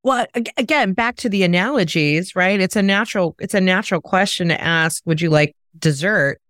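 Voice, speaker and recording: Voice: mid-range voice, normal speed, fairly bright tone, dry recording. Chatty podcast host, dry close sound. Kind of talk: podcast interview.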